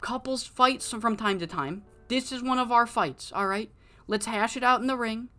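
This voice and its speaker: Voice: medium pitch, moderate pace, pushed and bright, voice pushed up, lightly acted. A narrator puts on a lovesick male wrestler from a wrestling game story, begging and wheedling in a raised, overeager voice. He repeats his pleas again and again, creepy and desperate.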